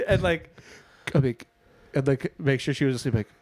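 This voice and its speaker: A young man chatting casually as a podcast co-host, telling an animated story and laughing often. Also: mid-range voice, moderate pace, dry recording. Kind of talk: casual chat.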